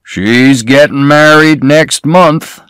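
A man voicing a loud, greedy old businessman in a cowboy hat, bragging slowly. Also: fairly high pitch, clean tone, no echo, pitched above the performer's own voice. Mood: boastful. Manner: boastful, slow and raised.

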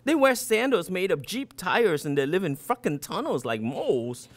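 A man's voice: high voice, very animated, normal speed. A man reading aloud and voicing a crude, swaggering schoolboy bully who taunts in a mocking sing-song. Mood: sneering.

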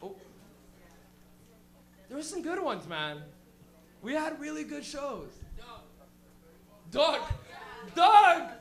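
A man performing stand-up comedy on a live club stage as the show's host. He talks in an animated, profane way, laughing often and shouting for effect. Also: extremely high pitch, slow pace, long pauses.

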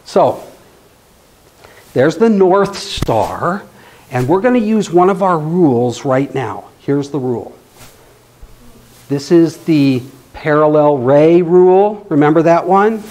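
Male lecturer, slightly raised pitch, playful and chatty, keeps checking in with the room. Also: animated, slow, long pauses, darkish tone. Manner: playful, often checks in with the audience. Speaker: astronomy club speaker. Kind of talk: live classroom-style lecture.

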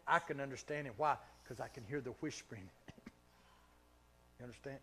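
A pastor with a Southern Kentucky accent preaching a sermon, swinging from loud emphatic preaching to soft, intimate near-whispers, with chuckles between phrases. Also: male voice, mid-range voice, fairly quick. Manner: laughs between phrases and drawls stretched key words.

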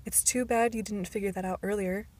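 Woman reading guarded teen girl, snippy short answers, pretty flat. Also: mid-range voice, fairly quick, close to an everyday voice. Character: wary, guarded teenage girl Edward confronts.

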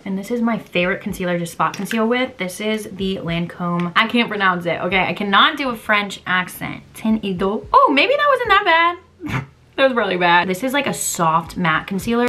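A young woman chatting casually through a makeup tutorial, playful and quick to laugh at her own mispronunciations. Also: lowish voice, sharp tone. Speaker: beauty vlogger.

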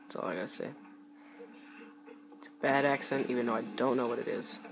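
A man's voice: mid-range voice, fairly quick. A young man giving rambling, hesitant live commentary while playing a shooter game, with game noise behind him. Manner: rambling, hesitant, many ums. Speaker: gaming YouTuber.

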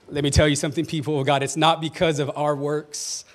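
A man's voice: on the high side, flat delivery, a little fast, few pauses. A male pastor preaching a sermon in church, reading scripture and calling out to the congregation with rising emphasis. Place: church sanctuary.

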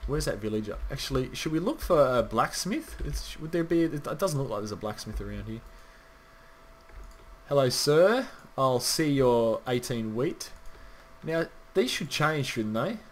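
A man's voice: mid-range voice, big pitch swings, fairly quick, hardly any pauses, slight background noise. Chatty man narrating his gameplay. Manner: rambling, chatty, swears casually, talks to viewers. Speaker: gaming channel host. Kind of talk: casual gameplay commentary.

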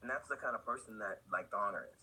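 A middle-aged man, a veteran pro skater, telling rambling animated stories as a podcast guest. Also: lowish voice, quick pace, slightly rough, rough recording. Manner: rambling, animated, full of "like" and laughs. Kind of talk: casual storytelling in a podcast interview.

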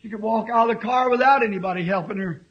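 Fiery preacher in his fifties, a man with a strikingly high voice, dull old tape recording. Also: fast talker. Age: 50s. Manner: impassioned, swings to shouting. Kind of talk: fiery sermon.

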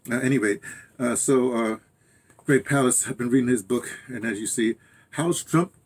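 A man's voice: medium pitch, fairly even intonation, normal speed. An older man rambling through a casual monologue as host of his own channel, interrupting himself and chuckling at asides. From United States.

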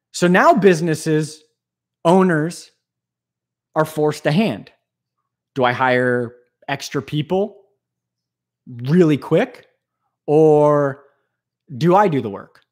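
A man hosting an aquarium channel, talking in an animated, rambling, jokey way on a live stream. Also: on the high side. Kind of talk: casual live-stream talk.

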